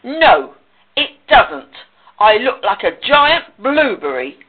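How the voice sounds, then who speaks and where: A woman's voice: on the high side, very animated, slow, heavily acted. A woman voicing a fussy, proud male pig who wails melodramatically, on a tinny recording. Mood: indignant. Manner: wailing, melodramatic.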